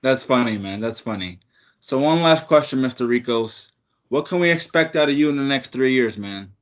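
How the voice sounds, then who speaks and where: A male podcast host with an average, mid-pitched voice. He reacts briefly and wraps up the interview in an easygoing, casual manner. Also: normal speed. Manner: relaxed, brief reactions and wrap-up plugs.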